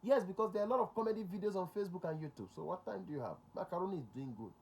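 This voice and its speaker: Nigerian man, talk show host, rapid delivery, emphatic, repeats points. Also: sits high, lively intonation, creaky, a little mellow. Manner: emphatic, repeats key points, slips into Pidgin. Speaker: security relations consultant, show host.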